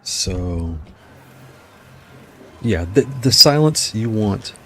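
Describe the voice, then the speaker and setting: A man's voice: lowish voice, animated, pushed and bright, slight background noise. A man casually commenting on his fighting game matches, trash-talking opponents and then apologizing. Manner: playful trash talk, quick apologies. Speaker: gaming streamer.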